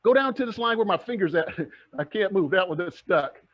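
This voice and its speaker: A middle-aged man teaching to camera as a coach, energetic and rallying, firing questions at his audience. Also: high voice, brisk. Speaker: real estate coach. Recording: dull lo-fi recording.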